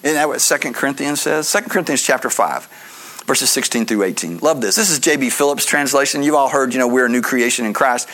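A man's voice: mid-range voice, quick pace, fairly bright tone. A man preaching a sermon, explaining scripture in an earnest teaching manner with conversational asides. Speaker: pastor.

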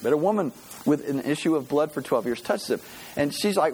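A man preaching a sermon, telling stories with animated energy and acting out the voices. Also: a little high, quick pace, a little hiss or hum, low-quality recording. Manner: animated storytelling, acts out voices. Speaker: pastor.

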